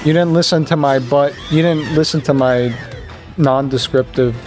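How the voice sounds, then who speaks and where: A young man from Virginia chatting casually while playing a game, rambling and joking, jumping up in pitch to make a point. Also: fairly even intonation, normal speed, a little mellow, soft background music. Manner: rambling, joking, jumps into higher pitch for emphasis. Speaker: gaming streamer. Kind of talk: casual gameplay commentary.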